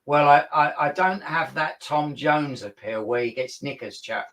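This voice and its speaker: Male guest, Fens English accent, slightly high, self-deprecating and easygoing. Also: measured pace, fairly bright tone. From Cambridgeshire, England. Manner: good-humoured, laughing, self-deprecating. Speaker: guest country singer. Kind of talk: casual interview chat.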